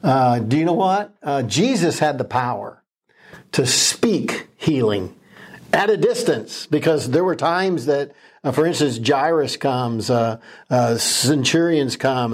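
A man's voice: on the high side, lively intonation, a little slow, a little mellow, breathy edge. A man co-hosting a casual Bible discussion podcast, talking earnestly and with emphasis, with many ums and restarts. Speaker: podcast co-host.

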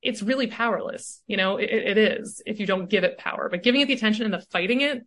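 A woman speaking as a coach and podcast guest in casual conversation. She is animated and keeps tagging her points with "right?". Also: mid-range voice, quick pace. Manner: animated, often tags "right?".

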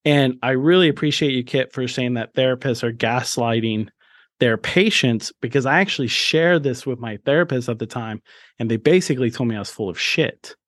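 A man's voice: medium pitch, brisk, no echo, studio quality. A man in his thirties, a podcast host, candidly sharing his own story in an interview, earnest and open with frequent restarts.

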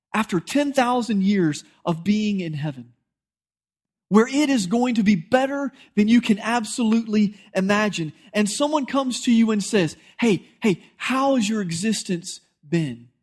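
A man's voice: sits high, animated, normal speed, darkish tone. A male pastor, preaching a sermon in a conversational, storytelling way and acting out bits of dialogue.

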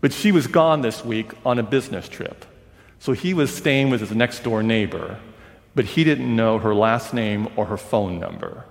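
Man, sermon story, acts out quoted voices, hushed at tender moments, long echo. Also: on the low side, normal speed, gravelly. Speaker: preacher. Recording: long reverb of a large hall.

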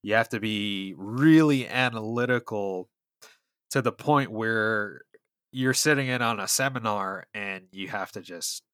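A man's voice: fairly low pitch, unhurried, a bit bright, smooth, dry recording, studio quality. A man co-hosting a podcast in easygoing casual chat, swearing offhandedly. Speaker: podcast co-host.

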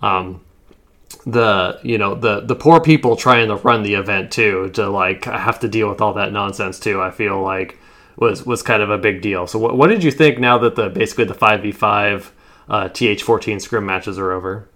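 A man's voice: on the low side, moderate pace, pushed and bright. A man hosting a casual podcast chat about a strategy game, rambling and full of fillers like "like". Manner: rambling, filler-heavy, lots of "like".

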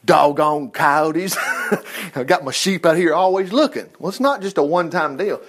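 A man's voice: high-pitched, lively intonation, normal speed, slightly rough. Folksy man teaching a Bible story. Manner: folksy, chatty, with asides and restarts. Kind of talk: casual Bible-study teaching.

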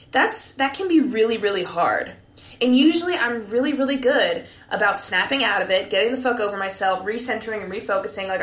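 Casting: young woman host, a few drinks in, loose and profane, mid-pitch voice in an echoey room. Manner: candid, profane, animated storytelling with frequent "like". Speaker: podcast host. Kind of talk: casual monologue.

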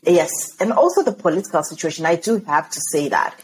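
A woman from Zimbabwe, a podcast guest, telling her story in an animated way and laughing often. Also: deep voice, quick pace, slight background noise, low-quality recording.

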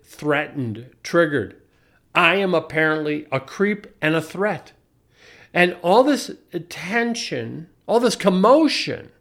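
A man in his forties giving a sardonic storytelling monologue, wry and deliberate, often restarting his sentences and adding asides. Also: high voice. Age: 40s. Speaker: commentator.

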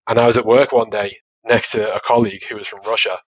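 A man, a father telling stories as a podcast guest, animated and quick to laugh. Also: fairly low pitch, no room sound, dull audio. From Australia. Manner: animated storytelling, laughs often, many restarts. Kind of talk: casual interview chat.

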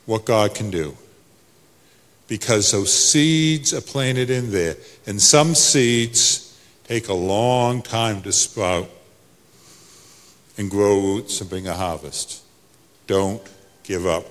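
A male pastor, preaching a sermon that swings from soft to loud. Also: on the low side, slow pace, long pauses, in a large hall, a faint crowd.

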